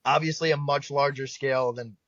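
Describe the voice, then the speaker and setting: A young man from South Jersey, a baseball pitcher guest, telling stories in a lively, profane way and acting out quoted voices. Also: fairly quick, no room sound. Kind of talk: casual storytelling. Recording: dull dry podcast mic.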